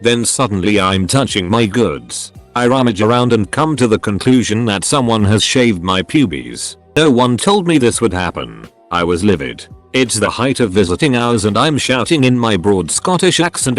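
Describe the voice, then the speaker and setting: A man reading online stories aloud as scripted narration, animated, with dry punchlines. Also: fairly low pitch, normal speed, few pauses, faint music behind.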